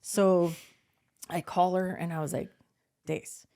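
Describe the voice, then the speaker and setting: A middle-aged woman hosting a podcast, telling a family story in casual, animated chat, candid and quick to swear. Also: lowish voice, gravelly. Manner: animated, candid, swears freely, laughs often. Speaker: podcast host and mother.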